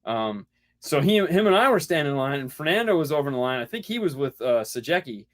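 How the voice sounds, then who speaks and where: A middle-aged man co-hosting a casual podcast, telling anecdotes in a lively way and acting out the people in them. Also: a little high, fast. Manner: animated storyteller, acts out the people in his anecdotes. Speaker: podcast host. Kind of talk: casual chat.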